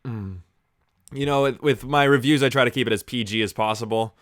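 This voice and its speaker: A man's voice: mid-range voice, brisk, a bit bright, dry recording. Young male reviewer, dry close sound, sarcastic casual banter. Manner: chatty, sarcastic, juvenile jokes. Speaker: movie review host. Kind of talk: casual watch-along chat.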